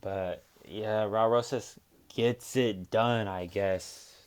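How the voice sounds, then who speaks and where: A man's voice: on the low side, steady tone, slow, smooth. A young man hosting a casual solo fight recap, talking in profane, heated rants full of fillers. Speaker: MMA recap host.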